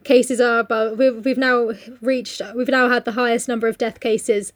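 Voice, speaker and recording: High-voiced chatty young woman. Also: level tone, moderate pace. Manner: chatty, full of fillers and quips. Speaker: podcast co-host. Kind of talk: casual chat.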